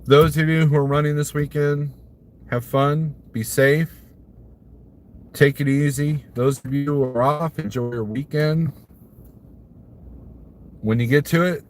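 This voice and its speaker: A man's voice: on the high side, fairly even intonation, unhurried, long pauses, a little hiss or hum. Chatty trucker man from Missouri. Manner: rambling and chuckly, laughs at his own jokes. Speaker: trucker livestreamer. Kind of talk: casual live-stream chat answering viewer comments.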